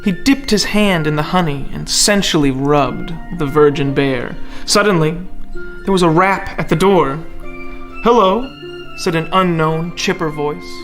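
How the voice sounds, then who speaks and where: A man's voice: fairly high pitch, moderate pace, fairly bright tone, faint music behind. A man in a sketch comedy scene, reading his story aloud in earnest and getting indignant when challenged.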